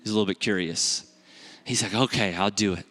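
A pastor telling a family story in a sermon, animated and conversational, his voice jumping up when he quotes himself. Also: brisk. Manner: animated storytelling, rising in pitch when acting out dialogue.

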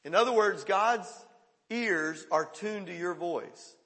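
Male pastor preaching hard, loud then hushed, kinda high voice, big echoey church. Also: slow pace. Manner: emphatic preaching, swings between loud calls and hushed quotes. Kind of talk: sermon.

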